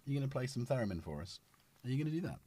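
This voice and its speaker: A man's voice: medium pitch, very animated, very fast, dark tone. A middle-aged man hosting a casual livestream, rambling and chatty and talking to his cat between thoughts, on a studio microphone. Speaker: livestream host. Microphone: studio dynamic microphone.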